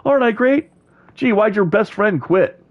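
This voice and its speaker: A man's voice: high voice, animated, moderate pace, highs cut off, pitched above the performer's own voice. A man putting on a mocking, falsely upbeat voice as a cheery male gaming host.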